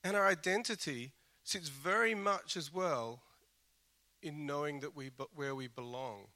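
A man giving a sermon, with a bright and forceful voice. He talks earnestly and conversationally, restarts phrases as he thinks aloud, and drops in the odd dry self-deprecating joke. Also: fairly high pitch, unhurried. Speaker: pastor.

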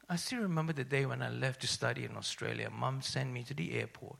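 A middle-aged man from Malaysia, a pastor telling his own story in a sermon, dropping to whispers and rising to excited highs. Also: fast talker, gravelly. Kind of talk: sermon testimony.

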